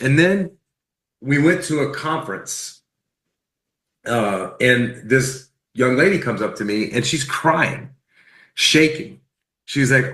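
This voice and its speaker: A man tells a personal story with bright, forceful energy and acts out each line of dialogue. His voice bounces around a roomy, echoing space. He keeps it lively and conversational throughout. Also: medium pitch, unhurried, long pauses. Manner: animated, acts out quoted dialogue. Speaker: speaker sharing a personal testimony.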